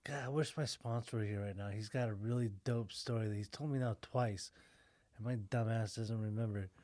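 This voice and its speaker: A man's voice: lowish voice, fairly quick, no room sound. Laid-back man, dry close mic. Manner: relaxed, laid-back, swears casually. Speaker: podcast co-host. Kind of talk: casual chat.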